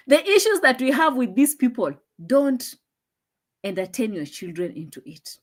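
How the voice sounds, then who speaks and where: Young woman, casual live-stream chat, lively pitch, laughs often, phone mic. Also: moderate pace. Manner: animated, laughing, drops to low asides.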